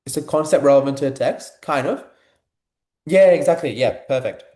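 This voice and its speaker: A man's voice: a little high, normal speed, mellow, reverberant. A young man tutoring a class in a casual, filler-heavy way, asking his students questions. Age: young adult. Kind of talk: live online class teaching.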